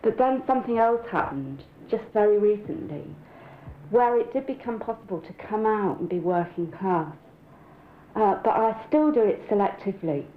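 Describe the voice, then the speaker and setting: A woman's voice: medium pitch, lively intonation, moderate pace, echoey room, narrow, tinny audio, slight background noise. A woman with a Sheffield accent speaking frankly and thoughtfully in a documentary conversation. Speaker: interviewee.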